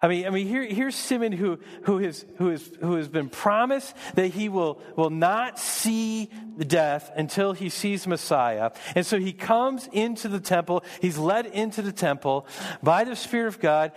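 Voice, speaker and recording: A man's voice: high voice, expressive, moderate pace, in a large hall. A man preaching a sermon as pastor, earnest, often repeating words as he builds emphasis.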